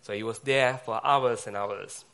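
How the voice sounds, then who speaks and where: Halting male preacher. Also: lowish voice, steady tone, creaky, a bit bright, clean tone. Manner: halting, with fillers and pauses. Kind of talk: sermon.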